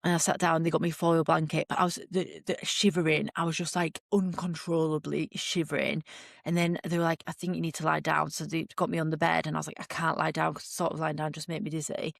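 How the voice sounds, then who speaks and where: A woman's voice: deep voice, little pitch movement, quick pace, vocal fry, dry recording, clean studio sound. A woman hosting a podcast, frankly recounting a personal story in a chatty way and acting out her own reactions. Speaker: podcast host. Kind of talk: candid storytelling monologue.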